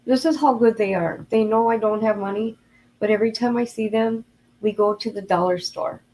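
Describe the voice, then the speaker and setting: A woman's voice: medium pitch, fairly even intonation, normal speed, darkish tone, rough recording. An older woman hosting a casual livestream, chatty and earnest, talking straight to her viewers and openly emotional. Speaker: livestream host.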